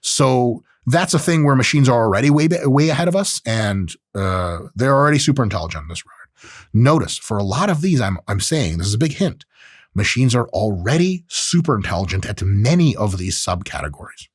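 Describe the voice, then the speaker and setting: A man's voice: medium pitch, big pitch swings, a little fast, slightly rough, no echo, clean studio sound. A man hosting a podcast, talking casually about technology and acting out quoted voices with profane asides. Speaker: podcast host.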